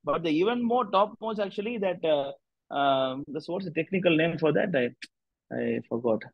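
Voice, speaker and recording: A man talks through a devotional story as teacher of a discussion group. He wanders from point to point and leans on "you know" and "like" as he goes. His slightly high, husky voice comes through a dull, lo-fi recording with a dry sound. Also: lively intonation, normal speed, no echo. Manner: loose, rambling, full of "you know" fillers.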